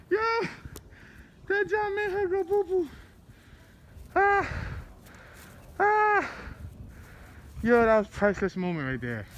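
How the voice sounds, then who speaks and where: A man vlogging while jogging outdoors with his dog, out of breath, excitable and full of slang. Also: extremely high pitch, a little hiss or hum. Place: outdoors on a street. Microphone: handheld camera.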